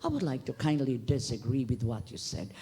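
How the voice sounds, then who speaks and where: Brief: middle-aged Boholano-accented man, husky, mid-pitched, expansive and joking at a forum mic. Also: lively intonation, a little fast, warm tone. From Philippines, Bohol. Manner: expansive, humorous, rising emphatic bursts. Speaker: forum audience member, newspaper manager. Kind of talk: public remarks at a forum. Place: conference hall.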